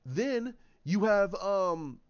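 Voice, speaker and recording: A man with a fairly high voice walks through an imagined story scene by scene, tripping over restarts and dropping in sound effects as he goes. His retelling is casual and animated. The recording sounds dull and lo-fi. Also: very slow, smooth. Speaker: channel host.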